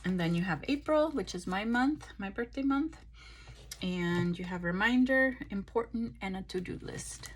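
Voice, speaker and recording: A tired woman chatting casually through a craft haul, relaxed and full of ums and pauses, recorded on a phone. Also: mid-range voice, a little hiss or hum. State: tired, yawning. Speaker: craft vlogger. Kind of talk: casual show-and-tell chat.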